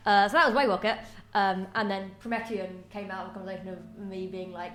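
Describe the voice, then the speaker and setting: A woman's voice: mid-range voice, steady tone, quick pace, hardly any pauses, roomy sound, slight background noise. Rambling British woman on a panel. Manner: rambling, full of filler and self-correction. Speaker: player on the panel. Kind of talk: live stage Q&A. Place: small theatre with a live audience.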